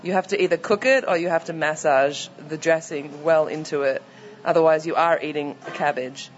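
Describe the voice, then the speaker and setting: Low-voiced woman, mild Melbourne accent. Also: brisk. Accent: mild Melbourne Australian. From Australia. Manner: explains with fillers, relaxed. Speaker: restaurant owner and chef. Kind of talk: casual interview answers. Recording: muffled recording, faint background noise.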